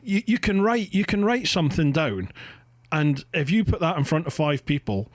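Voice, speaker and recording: A man's voice: fairly high pitch, lively intonation, normal speed, no room sound. Laughing Scottish man hosting a podcast. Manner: laughing, sweary banter. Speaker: podcast host. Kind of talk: casual chat over video call. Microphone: video call.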